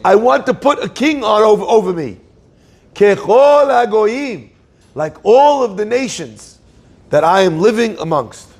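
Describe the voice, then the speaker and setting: A man giving a Torah class as a sermon to a live audience, lively and joking in asides. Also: high voice, a little slow, slightly rough.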